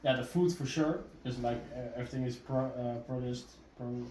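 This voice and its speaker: A young man from the Netherlands, a native Dutch speaker, answering interview questions in a halting way with many fillers and restarts. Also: medium pitch, steady tone, noisy background. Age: young adult. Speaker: exchange student guest. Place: home during a live blog-cast. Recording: roomy sound from a distance.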